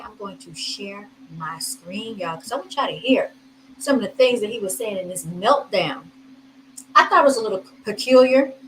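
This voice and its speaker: A woman's voice: medium pitch, a bit bright, slight background noise, low-quality recording. A woman hosting a casual commentary vlog, chatty and laughing, talking straight to her viewers. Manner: chatty, addresses viewers as y'all, laughs often. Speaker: host commenting on video clips.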